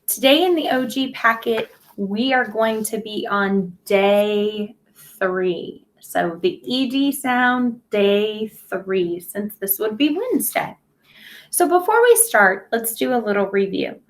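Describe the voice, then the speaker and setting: Woman teacher, unhurried delivery, patient, careful phonics lesson for kids. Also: medium pitch, lively intonation. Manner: patient, over-enunciates sounds. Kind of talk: slow, clear phonics lesson for young children.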